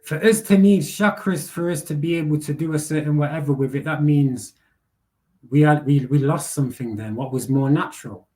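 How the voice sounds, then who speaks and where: A man's voice: fairly high pitch, moderate pace, mellow. A young man, hosting a live panel and ranting bluntly with heavy swearing, street slang and repeated words. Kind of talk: casual rant.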